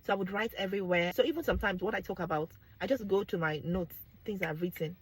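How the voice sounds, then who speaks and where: A young adult woman with a Nigerian accent, talking candidly to her viewers in an animated way, with exclamations and bits of pidgin. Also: mid-range voice, fast, breathy edge, rough recording. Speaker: vlogger. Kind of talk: candid talk to camera.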